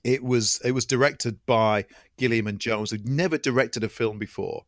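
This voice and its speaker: A man's voice: mid-range voice, moderate pace, no echo, clean studio sound. A man co-hosting a film podcast, chatting with enthusiasm and often restarting and repeating words as he builds a point. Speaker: podcast co-host. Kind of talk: casual film chat.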